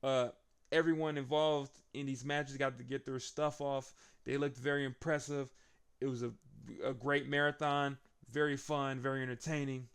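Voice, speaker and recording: A man giving a casual, animated recap of a wrestling show, laughing often and acting out the wrestlers' lines. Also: mid-range voice, moderate pace, clean tone.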